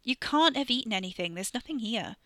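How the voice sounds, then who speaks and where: A woman voicing a sharp-tongued, energetic young woman who snaps back at the boys. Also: fairly high pitch, a little fast, no room sound, studio quality. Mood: snappy. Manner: snappy, exasperated.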